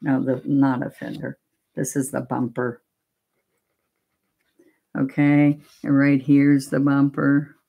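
A woman teaching painting in a live demonstration, talking through each step in a chatty way. Her voice sits low and stays fairly even in pitch. She speaks at a slow, unhurried pace. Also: creaky. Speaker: painting instructor.

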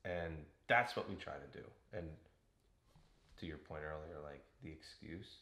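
A man's voice: very deep voice, measured pace, sharp tone, echoey room. A man co-hosting a podcast, chatting loosely about coaching with lots of fillers. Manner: loose and rambling, with frequent fillers. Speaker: podcast co-host. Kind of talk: casual chat.

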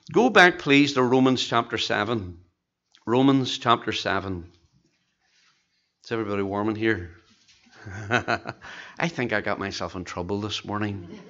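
A man with a Tennessee Southern accent preaching a sermon as pastor, with emphatic, slow stressed phrases and rhetorical questions. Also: a little high, pushed and bright, dull audio. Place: church sanctuary.

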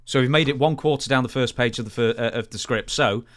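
A man's voice: medium pitch, quick pace. A man hosting a wrestling interview, asking questions in a joking, self-deprecating way. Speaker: interview host.

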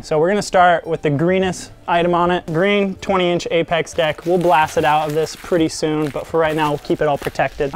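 A man's voice: on the high side, a little hiss or hum. A young man hosting a casual product build vlog, upbeat and jokey, talking straight to his viewers. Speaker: host of a scooter shop channel.

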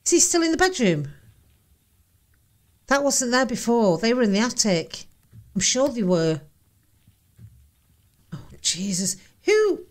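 Jumpy high-voiced woman. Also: expressive, moderate pace, long pauses. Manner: swears and exclaims, panicky and jumpy. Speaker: reaction video host. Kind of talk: watching and reacting to a ghost-hunting video.

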